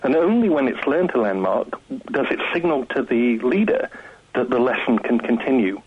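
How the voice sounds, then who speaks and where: A man, a guest scientist, explaining his research in a measured way on a radio phone-in. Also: mid-range voice, big pitch swings, husky. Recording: muffled phone line.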